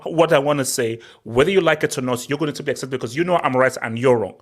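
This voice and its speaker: A man's voice: mid-range voice, fast. Brash ranting man hosting a football show. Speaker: show host. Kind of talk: casual football talk show.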